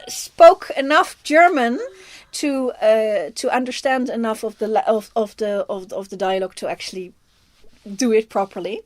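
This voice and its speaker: A woman from the Netherlands with a Dutch accent, a film reviewer chatting casually as co-host, thinking aloud and laughing often. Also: fairly high pitch. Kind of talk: casual chat.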